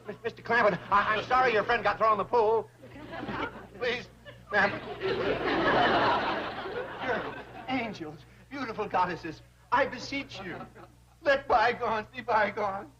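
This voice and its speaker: A pompous, fussy old banker. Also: male voice, high voice, a little slow, long pauses, a crowd in the background. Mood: groveling. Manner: pompous and flowery, then pleading. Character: fussy, scheming older male banker. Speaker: bank president. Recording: dull old TV audio with hiss.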